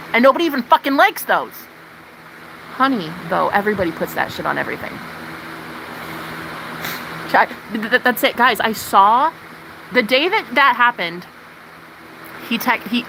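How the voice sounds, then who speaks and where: A woman's voice: medium pitch, background noise. Brash, profane woman livestreamer. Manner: profane, animated ranting to chat. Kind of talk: casual livestream chat.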